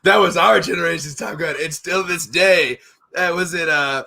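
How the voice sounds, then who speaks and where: Man, casual chat host, profane rambling storyteller, bright and forceful. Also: on the high side, moderate pace, creaky.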